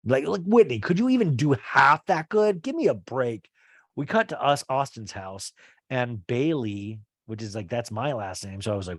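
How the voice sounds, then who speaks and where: A young man hosts a loose, comedic recap of a reality show, rambling and swearing freely. His voice sits at an ordinary male pitch. The sound is dry and close, with no room echo. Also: very animated, moderate pace, a bit bright. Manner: rambling and profane, heavy use of "like".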